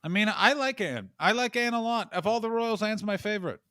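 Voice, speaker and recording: A man's voice: sits high, expressive, fairly quick, pushed and bright, no room sound, clean studio sound. A man in his thirties co-hosting a podcast, chatting casually and sarcastically with lots of swearing and laughter. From Canada. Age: 30s. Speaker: podcast co-host. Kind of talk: casual chat watching a video.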